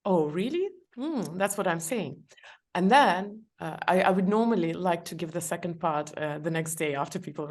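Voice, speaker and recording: Middle-aged woman with a gravelly, low voice. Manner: warm, laughs often, gives practical advice. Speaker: guest. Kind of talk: podcast conversation.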